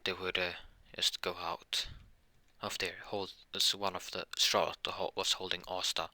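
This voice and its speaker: A man improvising a fan-fiction story out loud, rambling and correcting himself often. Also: deep voice, little pitch movement, unhurried, dry recording. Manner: rambling, frequent self-corrections.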